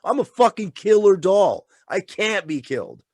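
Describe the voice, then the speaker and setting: A man voicing a cocky male killer doll who boasts loudly and swears. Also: high-pitched, expressive, normal speed, no room sound, studio quality, pitched above the performer's own voice. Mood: defiant boastful. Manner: shouty, profane, boastful.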